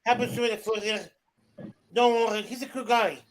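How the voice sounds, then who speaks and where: High male voice on a call with heavy crowd noise behind; quick reassurances. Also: steady tone, low-quality recording. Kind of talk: casual group call chat.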